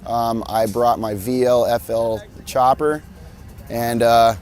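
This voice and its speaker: Laid-back biker, easy swearing. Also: male voice, medium pitch, steady tone, takes it slowly, darkish tone, a little hiss or hum. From Alabama, US. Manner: laid-back, swears freely, restarts often. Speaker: motorcycle builder. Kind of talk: casual interview. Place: outdoors at a motorcycle show.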